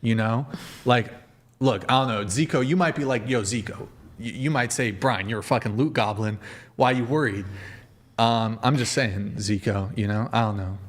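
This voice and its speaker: A man's voice: lowish voice, moderate pace. Rambling, foul-mouthed male stream host. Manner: rambling, profane, talks straight to the chat. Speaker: podcast host. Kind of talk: casual livestream chat.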